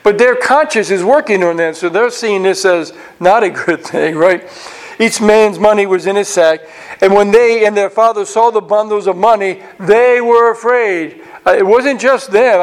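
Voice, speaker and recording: A man teaching a Bible passage verse by verse, animated and acting out the characters' reactions, often restarting his words. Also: sits high. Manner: frequent restarts and repeated words.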